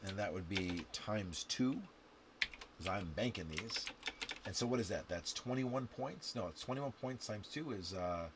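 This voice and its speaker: Male game instructor, low and animated, counting scores to camera; noisy track with clicks. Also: measured pace. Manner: counts scores aloud and talks to the viewer, with sudden loud outbursts. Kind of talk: playing and explaining a dice game to camera. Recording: steady background noise with clicks and typing.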